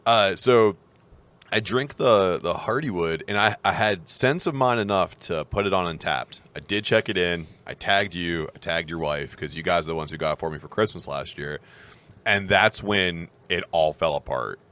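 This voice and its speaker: A man in his thirties with a very low, deep voice spins a self-mocking anecdote on a casual podcast. He rambles and restarts often, laughing at himself as he goes. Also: normal speed, a bit bright. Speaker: podcast co-host. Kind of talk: casual storytelling chat.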